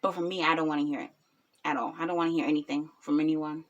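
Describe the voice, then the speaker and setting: A woman's voice: sits low, steady tone, quick pace, lo-fi sound. A woman in her twenties, a new mother, talking bluntly and rambling with lots of ums in a casual reaction vlog. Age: 20s.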